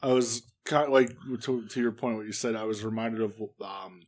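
A man co-hosting a casual wrestling podcast, excitable, swearing often and filling with "like" and "um". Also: fairly low pitch, moderate pace. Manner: excitable, profane, lots of fillers. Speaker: podcast co-host.

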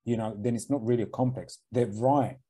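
Cockney male co-host, young, dark husky tone, mumbly and blunt, swears a lot. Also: medium pitch, steady tone, brisk. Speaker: podcast co-host. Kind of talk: casual chat.

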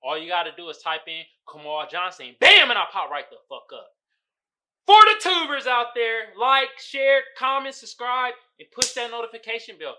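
A man hosting a casual solo podcast, talking loudly and profanely, often laughing and shouting exclamations. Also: extremely high pitch, big pitch swings, moderate pace. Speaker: podcast host.

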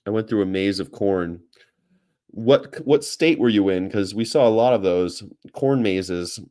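A man's voice: on the low side, measured pace, dark tone. A man with an American accent hosting a casual livestream, reading viewer comments and rambling with jokes and casual swearing. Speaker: host.

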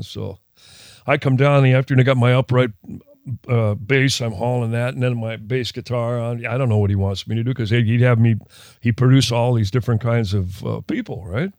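A man's voice: mid-range voice, moderate pace, darkish tone, dry recording, studio quality. An older man from Minnesota, a guest musician, telling a story in casual interview chat, with rambling, self-interrupting sentences and laughs.

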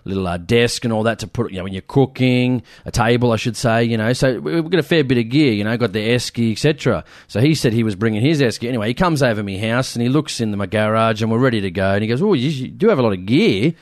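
A man's voice: medium pitch, fast, few pauses, dry recording, studio quality. A man with an Australian accent, co-hosting a casual chat and telling a long story, full of fillers and acted-out quotes. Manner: rambling, lots of fillers, acts out quotes. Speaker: podcast co-host.

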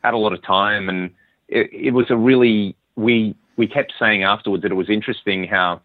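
A man's voice: fairly low pitch, steady tone, brisk, no room sound. Australian man on a tinny phone line. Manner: rambling storyteller, frequent restarts. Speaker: guest musician. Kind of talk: casual interview chat.

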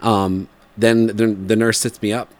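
A man in his forties with a somewhat low voice. He rambles through a casual story with plenty of fillers and laughter, and his voice jumps up when he imitates the people in it. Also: little pitch movement, unhurried, a little mellow. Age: 40s.

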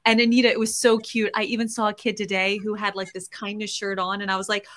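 A woman hosting a podcast and chatting casually with a guest, bubbly and quick to laugh. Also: medium pitch, little pitch movement, fairly bright tone. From Boston area. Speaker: podcast host. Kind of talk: casual interview chat.

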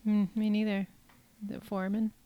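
A woman muses aloud as she solves a crossword with friends. Her voice is crisp and smooth, sitting at a middle pitch. The sound is dry, with no room around it. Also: level tone, warm tone, dry recording. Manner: thinks aloud slowly over clues. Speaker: podcast co-host. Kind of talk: casual chat while solving crosswords.

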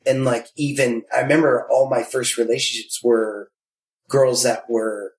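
A man's voice: mid-range voice, steady tone, moderate pace. A man talking candidly and animatedly, acting out quoted voices as he tells stories. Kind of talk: candid conversation. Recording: roomy echo.

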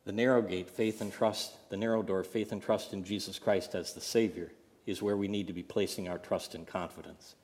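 A man's voice: fairly low pitch, a little mellow, big-room sound. A man preaching a sermon as pastor, earnest, with a storytelling aside.

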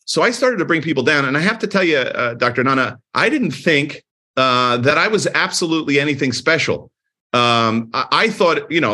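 A man's voice: medium pitch, a little fast. A middle-aged man, a chiropractor with many clinics, speaking casually as an interview guest and acting out quoted dialogue as he tells his stories. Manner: energetic storyteller, acts out quoted dialogue.

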